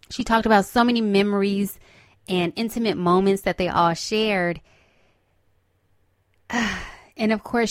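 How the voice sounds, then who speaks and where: A woman talking solo as a podcast host, earnest and emotional, leaning on repeated phrases to drive her points home. Her voice sits at an ordinary pitch for a woman, recorded close and dry with no room sound. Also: no echo. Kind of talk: solo casual chat.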